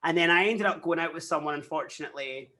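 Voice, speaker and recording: A young Scottish guest talking quickly and candidly in a relaxed interview. The voice sits a little high for a man, and the stories rush along, full of quoted asides and lively retellings. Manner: candid, animated storytelling with frequent quoted asides. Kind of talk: casual interview chat.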